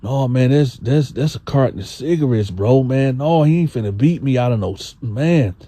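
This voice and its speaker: Guy doing a nervous stammering inmate, low mellow voice. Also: expressive, normal speed, dry recording, close to an everyday voice. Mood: stubborn. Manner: stammering, repeats words. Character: hesitant nervous male inmate, mumbling.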